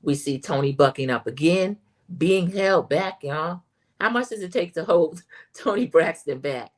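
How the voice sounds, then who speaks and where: A woman's voice: sits low, lively intonation, measured pace. A woman hosting a casual livestream that recaps a reality show, talking straight to her viewers as y'all and reading their chat comments aloud.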